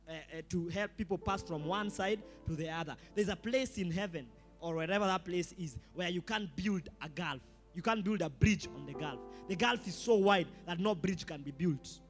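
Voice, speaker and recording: A Kenyan pastor preaching a sermon with animated delivery, switching between English and Swahili slang and rising to shouts. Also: high-pitched, moderate pace, soft background music.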